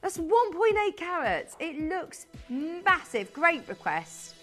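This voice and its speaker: A young British woman presenting a live TV shopping show, gushing and chatty with quick asides. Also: very high-pitched, sing-song, a bit bright, soft background music.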